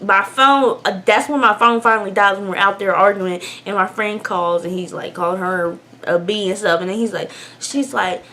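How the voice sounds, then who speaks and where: A young woman telling a personal story in a candid, emotional way, swinging between hushed and loud. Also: mid-range voice, normal speed, hardly any pauses, slight background noise. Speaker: vlogger. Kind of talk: storytime vlog.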